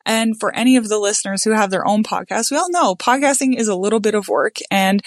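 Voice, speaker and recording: A woman's voice: medium pitch, fast, no echo, clean studio sound. A middle-aged woman hosting a podcast in casual solo talk, upbeat with a smile in her voice and lots of "like" fillers, recorded in a home closet. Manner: upbeat, smiling voice with frequent "like" fillers. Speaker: podcast host.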